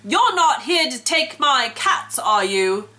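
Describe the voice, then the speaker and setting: A woman's voice: high voice, big pitch swings, takes it slowly, sharp tone, pitched above the performer's own voice, full character voice. A woman voicing an angry British woman who feeds stray cats, with a British accent and a curt, disapproving manner. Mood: indignant.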